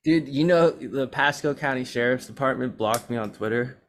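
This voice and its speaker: Profane young man telling animated stories. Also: mid-range voice, normal speed. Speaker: podcast host and rapper. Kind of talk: casual chat.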